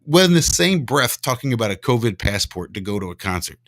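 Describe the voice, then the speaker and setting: A man's voice: mid-range voice, very animated, a little fast, fairly bright tone, no room sound, studio quality. Fired-up man ranting on a podcast. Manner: heated, swears, ranting. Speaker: podcast co-host. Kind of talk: casual chat.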